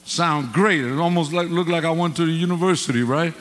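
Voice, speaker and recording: A man's voice: on the high side, fairly quick, fairly bright tone. A man preaching an informal sermon in a church, folksy and joking, with casual grammar and humorous stories. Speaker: guest pastor. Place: church hall. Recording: long hall reverb with faint mains hum.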